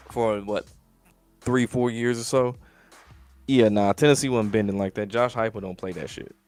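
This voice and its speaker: A man hosting a podcast, talking sports in casual, slangy, profane chat. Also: mid-range voice. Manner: profane, laid-back, slangy. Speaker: podcast host.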